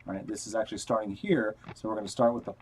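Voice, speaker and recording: A man with a lowish, fairly even voice talks fast, teaching guitar technique on a casual livestream and counting notes aloud while playing. The audio is very noisy; he's on headphones with a wired mic, and guitar plays behind him.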